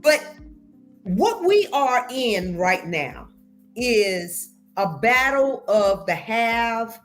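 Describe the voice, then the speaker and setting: A woman, a talk-show panelist who speaks in a halting but deliberate way. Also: a little high, big pitch swings, faint music behind. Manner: hesitant, halting, then deliberate.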